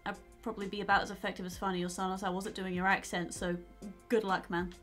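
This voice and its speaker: A woman's voice: medium pitch, flat delivery, quick pace, fairly bright tone, faint music behind. A young woman playfully commenting while playing a video game and reading its lines aloud. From outside the United States. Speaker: gaming YouTuber. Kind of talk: let's play commentary.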